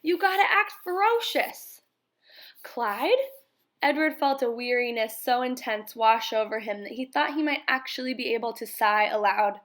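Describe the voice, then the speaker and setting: Woman reading a storybook aloud, fairly high voice. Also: moderate pace, hardly any pauses, fairly bright tone. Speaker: reader.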